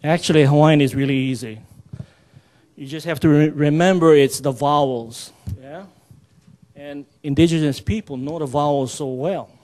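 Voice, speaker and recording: A man's voice: on the high side, steady tone, normal speed, darkish tone. A man presenting at a workshop, teaching patiently and repeating himself, checking in with the audience through little tag questions. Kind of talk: seminar teaching pronunciation.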